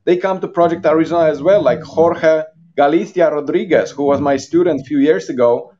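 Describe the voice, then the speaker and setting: A man's voice: a little high, a little fast, warm tone, muffled recording. A man speaking as an as a guest in a live online interview, earnest and emphatic, with frequent restarts and fillers. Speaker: interview guest, organization president.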